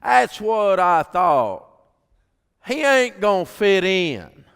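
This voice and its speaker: Guy doing a slow drawly country wife, high and blunt, hall echo. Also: big pitch swings, vocal fry, fairly bright tone, clean tone, heavily acted. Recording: long hall reverb.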